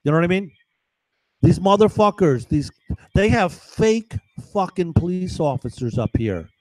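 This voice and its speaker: A man's voice: sits high, expressive, a little slow, darkish tone, no room sound, rough recording. Agitated, profane man rambling to camera. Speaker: vlogger.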